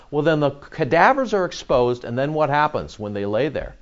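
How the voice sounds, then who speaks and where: A man preaching verse by verse, with a voice that swings from hushed to loud as he hammers key words again and again. His delivery is full of fillers and restarts. The recording sounds a little muffled and lo-fi. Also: fairly high pitch, very animated, normal speed. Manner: emphatic, repeats words for effect, many fillers. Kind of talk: expository sermon.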